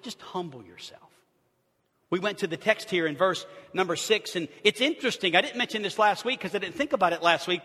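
A man preaching a sermon as pastor, animated, swinging from loud bursts to hushed asides. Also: high-pitched, slightly rough, big-room sound.

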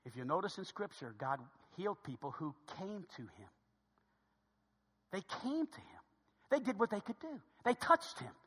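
A male pastor preaching a sermon to a congregation, animated and swinging between loud and hushed delivery, in an echoey church hall. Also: sits high, normal speed, husky.

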